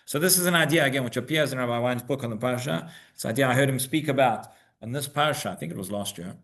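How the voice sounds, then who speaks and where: A man's voice: mid-range voice, fast talker, a bit bright. Man giving a Torah lesson. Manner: asks rhetorical questions and checks in with "right?"; repeats words as he builds a point. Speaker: rabbi teaching the weekly Torah portion. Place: synagogue.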